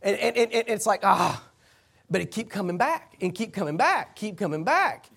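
A man pastor telling a story in a sermon, animated and rambling, shouting for emphasis before a congregation. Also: high voice, moderate pace, creaky, breathy edge.

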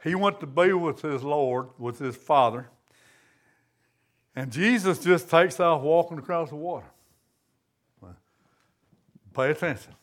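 A man's voice: a little high, measured pace, pauses often. A man preaching a sermon in a church, in a folksy, conversational way. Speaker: pastor.

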